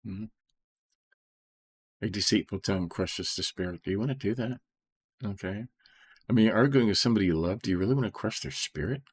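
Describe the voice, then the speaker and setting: A middle-aged man reading scripture and explaining it in an informal, soft-spoken way, often checking in with "okay?" and slowing down on key phrases. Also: fairly low pitch, breathy edge. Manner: slows right down to stress key phrases. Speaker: Bible study teacher.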